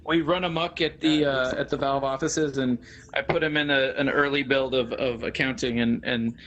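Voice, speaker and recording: A man in his thirties telling stories in casual chat, animated and rambling, laughing often. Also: mid-range voice, normal speed, muffled recording, a little hiss or hum. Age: 30s. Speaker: guest.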